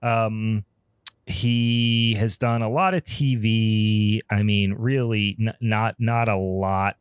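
A man's voice: on the low side, fairly even intonation, takes it slowly, smooth, dry recording, studio quality. A man hosting a podcast in casual chat, rambling and profane with frequent ums. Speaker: podcast host.

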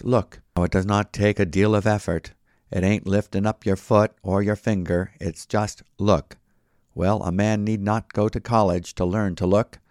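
An emphatic lay preacher, read by a man who keeps repeating his plea to sinners. The voice sits very low and is recorded dry, with no room around it. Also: a little mellow, no echo.

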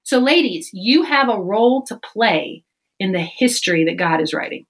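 A woman on a faith podcast, talking fast and animated and acting out the voices she quotes. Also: medium pitch, husky, low-quality recording. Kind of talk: casual faith podcast chat.

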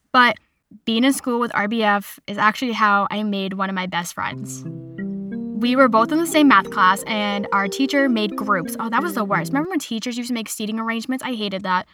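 A young woman in her twenties telling a casual personal story in a chatty, animated way, quoting other people as she goes. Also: on the high side, fast talker, dry recording, studio quality, faint music behind. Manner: chatty, animated retelling with quoted voices.

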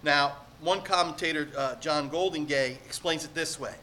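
A man's voice: fairly high pitch, moderate pace, few pauses, pushed and bright, a little hiss or hum. A man preaching a sermon to a congregation, earnest and emphatic, asking the room rhetorical questions. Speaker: pastor.

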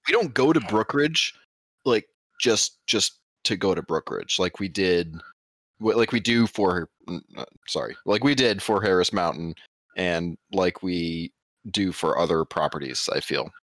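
A man with a very low voice, chatting on a podcast in a laid-back, rambling way. The sound is dry and close, with no room around him. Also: a little slow, no room sound. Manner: relaxed, rambling, restarts his sentences. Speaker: podcast co-host. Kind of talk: casual chat.

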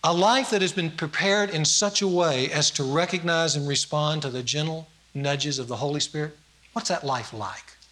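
High, bright-voiced man preaching a sermon. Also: normal speed. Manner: storytelling with acted quotes, rising emphasis.

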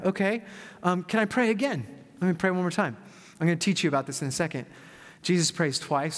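A man preaching a sermon as pastor, telling stories in a lively, conversational way. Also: fairly high pitch. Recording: long hall reverb.

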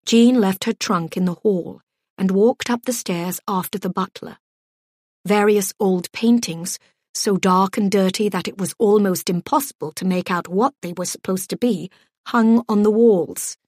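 A woman narrating an audiobook in a measured, gently expressive storytelling voice. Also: medium pitch, dry recording, studio quality.

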